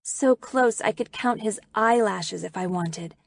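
A woman narrating a novel in the first person, in an expressive storytelling manner. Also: medium pitch, unhurried, vocal fry. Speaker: audiobook narrator.

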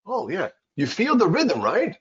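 A man giving an English pronunciation lesson, his voice swinging high and low as he repeats words to drive a point home. His tone is slightly husky, and the recording sounds dull and lo-fi. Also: a little slow. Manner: animated, repeats words for emphasis. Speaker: English teacher. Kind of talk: casual spoken lesson.

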